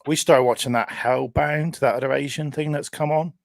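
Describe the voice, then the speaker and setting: A man's voice: a little high, fairly even intonation, moderate pace, vocal fry, no echo. A man co-hosting a casual live stream, chatty and often laughing as he greets viewers in the chat.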